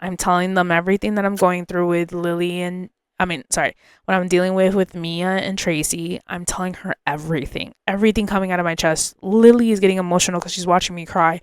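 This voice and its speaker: A woman's voice: fairly low pitch, fairly even intonation, brisk, clear, resonant tone, dry recording, clean studio sound. A woman hosting a podcast, telling a personal story in an emotional, confiding way and often repeating herself. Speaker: podcast host.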